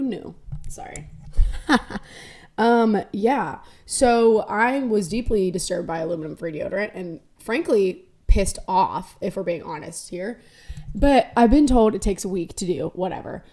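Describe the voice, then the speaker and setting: A woman's voice: mid-range voice, warm tone. A young woman hosting a casual solo podcast, rambling candidly between topics with self-deprecating jokes. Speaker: podcast host.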